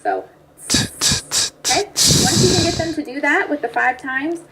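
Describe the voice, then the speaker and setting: Woman, high-pitched, upbeat speech therapist explaining technique to camera. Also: unhurried, pushed and bright, slight background noise, low-quality recording. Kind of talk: instructional video lesson.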